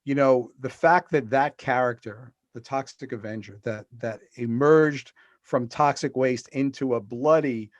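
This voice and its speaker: Recorded dry and muffled, a middle-aged man speaks a little slowly in a mid-range voice. He's the guest author in an interview held over video call, telling stories with animation and acting out quotes.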